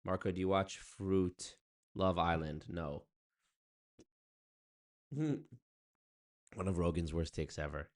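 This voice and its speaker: A man's voice: low voice, slow pace, pauses often. A young man chatting loosely with his viewers on a stream, rambling and swearing. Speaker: streamer reacting to chat. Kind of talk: casual livestream chat.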